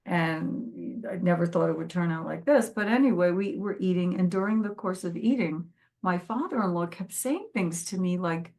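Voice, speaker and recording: A woman's voice: fairly low pitch, moderate pace, creaky. Earnest woman telling her story. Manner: earnest, quotes others in lively voices. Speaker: guest. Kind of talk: emotional personal storytelling.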